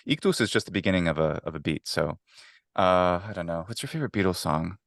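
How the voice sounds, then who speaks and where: A Latin teacher discusses Latin in an interview, speaking with casual eagerness, plenty of fillers, and frequent restarts. His voice sits low and sounds creaky, animated, and fast, captured in studio quality without room sound.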